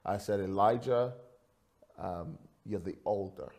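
A man preaching a sermon, swinging from quiet storytelling to loud, fervent peaks. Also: unhurried. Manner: preaching with big swings in pitch and loudness, rising to fervent peaks. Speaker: pastor.

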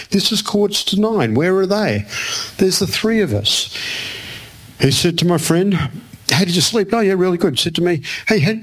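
A man's voice: fairly high pitch, fairly bright tone, husky. A man preaching a sermon to a room, telling a personal story and acting out the other people's lines. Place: church hall with audience.

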